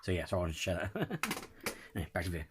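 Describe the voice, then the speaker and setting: A man's voice: low-pitched, big pitch swings, fast, very noisy. A man giving rambling, blunt commentary as host of a reaction video. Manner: rambling, blunt, swears freely. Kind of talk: casual commentary.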